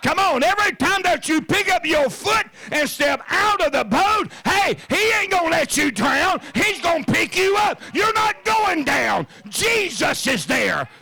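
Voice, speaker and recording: A preacher with a high, gravelly voice and a bright, forceful edge. He reads scripture quietly, then builds to shouting, stumbling over repeated words in his fervor. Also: big pitch swings, measured pace, few pauses, no room sound. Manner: repeats words and restarts when fired up. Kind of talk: sermon.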